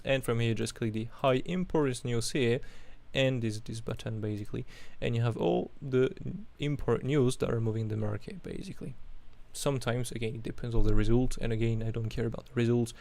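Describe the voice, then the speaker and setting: Host, male, French accent, gravelly voice, relaxed think-aloud delivery with hums and restarts. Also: medium pitch, brisk, few pauses. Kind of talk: live chart analysis.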